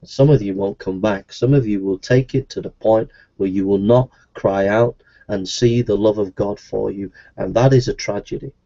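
A man preaching an evangelistic sermon, pleading and repeating himself, his voice at times rising high. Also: moderate pace, warm tone. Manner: pleading, repetitive, with sudden rises into a high voice. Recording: dull lo-fi recording.

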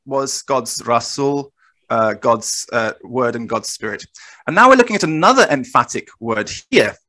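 A man presenting and explaining slides in a recorded discussion, talking in a measured, self-correcting way. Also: mid-range voice, pushed and bright. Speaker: guest presenter.

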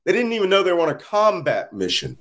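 A tired man talking as an interview guest, telling stories in an animated way and laughing now and then, heard over a remote call. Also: high voice, quick pace. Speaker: interview guest, security analyst. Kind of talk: casual interview talk.

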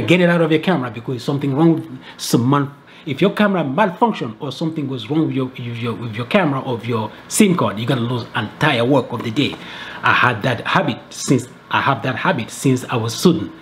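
Man, casual storytelling, repeats words, pitch jumps high when excited, faint background hum. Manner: animated retelling, repeats words and restarts. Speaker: travel video creator.

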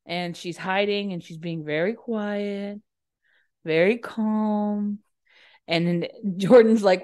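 Young woman podcast co-host with a middle-range voice, chatty and giggly, recapping a film and slipping into quick voices for the characters. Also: mid-range voice, lively intonation, darkish tone. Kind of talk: casual movie recap chat.

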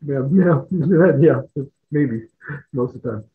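A middle-aged retired fighter pilot, speaking as an interview guest, tells stories slowly in a high-leaning, animated voice. He rambles, repeats words, and chuckles often, all over a tinny, phone-like line.

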